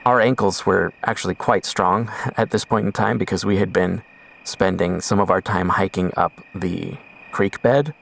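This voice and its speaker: A man hosting a podcast, telling a first-person story slowly and deliberately, with suspenseful pauses. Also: sits low, creaky, a bit bright, long reverb tail. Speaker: podcast host.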